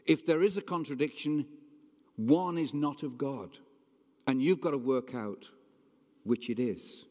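A male preacher gives a sermon in an easy, conversational manner and keeps checking in with his listeners. His voice sits at a middle pitch. It carries through a church hall with a long reverb. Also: measured pace, a little mellow. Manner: conversational, emphatic, asks the congregation questions.

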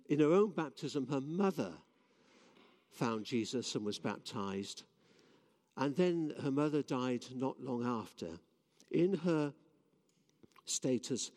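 In a church hall full of long reverb, a preacher gives an earnest, story-driven sermon, frequently restarting his sentences. His voice sits in the mid range with a darkish tone.

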